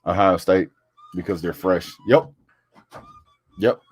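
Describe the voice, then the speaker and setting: A man hosts a live stream, chatting casually and tossing out jokes at his own expense. His voice sits a bit low, easygoing and talkative. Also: slow, breathy edge, faint music behind. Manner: chatty, laughs at own jokes, reacts to viewer comments.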